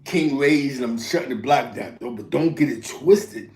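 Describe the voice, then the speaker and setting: A man's voice: mid-range voice, normal speed, darkish tone, echoey room. A man from East Harlem with a New York accent, telling rambling street stories in casual slang, often tagging lines with "you know what I'm saying" and a laugh. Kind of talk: casual storytelling.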